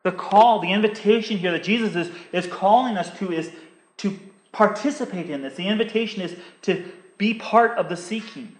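High-voiced man preaching in an echoey hall. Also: normal speed. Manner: earnest, repetitive appeals with many restarts. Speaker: pastor. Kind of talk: sermon.

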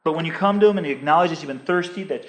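A man's voice: fairly high pitch, rapid-fire, fairly bright tone, reverberant. A male pastor preaching a sermon, making earnest, repeated appeals to his listeners and often restarting his phrases.

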